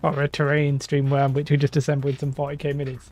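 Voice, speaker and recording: A young man hosts a casual hobby live stream from home and talks in loose, rambling bursts that keep restarting. His voice sits a little high for a man. Quiet background music plays beneath him. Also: monotone, fast. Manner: rambling, chatty, self-interrupting. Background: faint background music.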